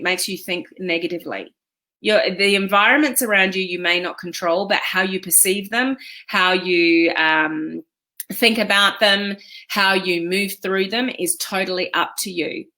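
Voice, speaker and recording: Chatty woman with a bright voice. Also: mid-range voice. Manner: chatty, encouraging, with many fillers and quoted self-talk. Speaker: online business coach. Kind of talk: casual motivational talk to an online community.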